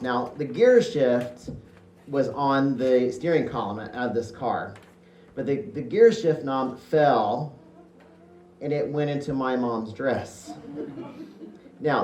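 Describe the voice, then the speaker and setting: A man's voice: mid-range voice, a little mellow, lo-fi sound, slight background noise. Man telling a comic story on stage. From Indiana. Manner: conversational, pausing, with fillers. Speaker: storyteller in a one-man show. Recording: echoey room with faint music.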